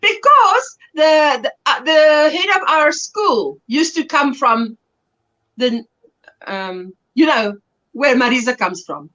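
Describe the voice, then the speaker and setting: Middle-aged woman, South African accent, bright and chatty, livestream host, lo-fi sound. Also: high-pitched, lively intonation, slow pace. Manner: chatty, laughing, reads viewer comments aloud. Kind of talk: casual chat while crafting.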